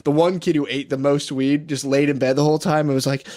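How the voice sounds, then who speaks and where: A man's voice: fairly high pitch, flat delivery, fast, darkish tone. A young man from Texas, a podcast co-host telling a wild story in rambling, profane casual talk and acting out the quotes.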